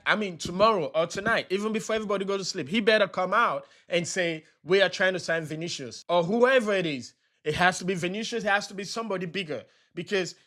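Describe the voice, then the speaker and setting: A man's voice: sits high, bright, forceful tone. A young man hosting a football channel, talking in an agitated, upset way in a fan reaction vlog, repeating himself and firing off rhetorical questions.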